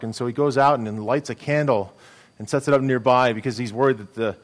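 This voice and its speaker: A man's voice: mid-range voice, steady tone, a little fast. Earnest male pastor preaching. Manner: earnest, conversational preaching with restarts. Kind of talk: sermon.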